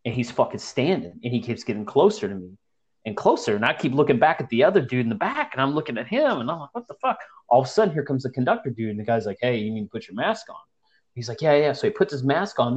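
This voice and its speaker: He talks fast in a husky, medium-pitched voice, a young man retelling something to his friends. The telling is animated, full of swearing and slang, and he mimics the characters as he goes.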